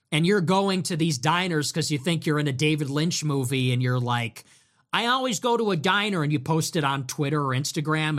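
A young man hosts a livestream and rants through profane, sarcastic commentary. His pitch swings widely from low grumbles to high mocking bursts. He sounds heated and opinionated throughout. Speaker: livestream host.

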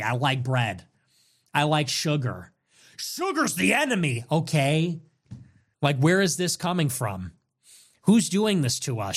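A young man hosts his own livestream in a rant, his voice set a bit high and swinging wildly up and down. He whines and exaggerates, stacking up list after list of complaints and jumping between mock despair and sudden outbursts. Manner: repetitive, piling up lists. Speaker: livestream host.

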